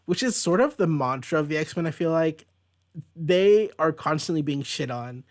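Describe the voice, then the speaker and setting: Comic nerd guy rambling through pages, kinda high voice. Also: lively intonation, normal speed. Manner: rambling, lots of likes and restarts. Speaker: comic book reviewer host. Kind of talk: casual page-by-page comic recap.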